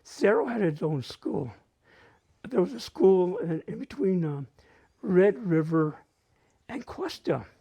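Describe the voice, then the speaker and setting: A man from northern New Mexico with a local accent, telling family stories at a live community open mic, animated and acting out relatives' voices with Spanish phrases mixed in. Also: high voice, slow pace, gravelly, breathy edge. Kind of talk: live personal storytelling. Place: library event space, live.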